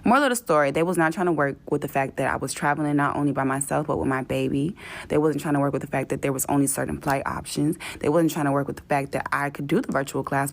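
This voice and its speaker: A woman with a low, deep speaking voice vents about a booking gone wrong in a loose, casual storytelling rant. She is profane and openly exasperated, and she slips into quick mimicry of other people. The recording sounds like a self-made vlog. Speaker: vlogger telling a travel story.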